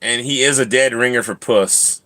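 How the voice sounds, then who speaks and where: A man hosting a casual vlog, relaxed, laughing often and talking to his cats. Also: mid-range voice, moderate pace. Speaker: channel host.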